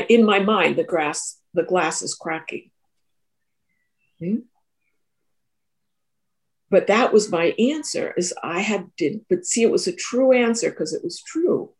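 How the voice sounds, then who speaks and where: Earnest woman retelling a personal story. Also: lowish voice. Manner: earnest, repeats and restarts phrases. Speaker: Three Principles teacher and therapist. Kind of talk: reflective personal story in an interview.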